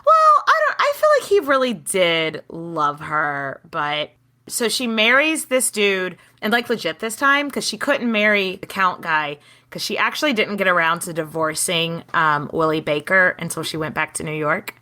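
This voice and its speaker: This is a woman co-hosting a podcast in loose, casual chat. Her voice is lower than most but bright and forward. She tells the story with animated energy and swears without a second thought. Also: normal speed. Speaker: podcast co-host.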